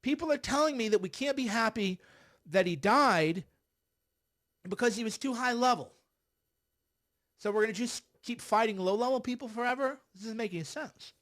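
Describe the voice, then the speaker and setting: A middle-aged man with a high-pitched voice hosts a political livestream. He sounds sarcastic and exasperated, sighs often, and mocks the people he talks about. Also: moderate pace, long pauses, fairly bright tone. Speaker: livestream host.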